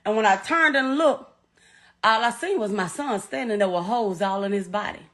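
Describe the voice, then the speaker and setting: Speaking at a normal speed with lively intonation, this grieving mother has a mid-range, fairly bright voice and a Southern US accent. Middle-aged and interviewed about her dead child, she recounts her story in raw, profane, distressed terms.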